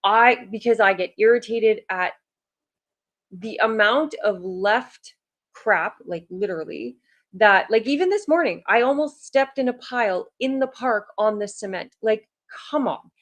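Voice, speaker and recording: A woman's voice: fairly high pitch, animated, a little slow. Chatty woman vlogging casually. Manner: chatty, rambling, frequent "like" fillers. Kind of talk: casual chat to camera.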